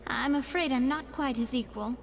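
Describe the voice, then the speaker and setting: A woman's voice: high-pitched, vocal fry, a little hiss or hum. An actress voicing a poised, gracious young woman who leads a group in a video game. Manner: gracious, polite, composed. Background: game music.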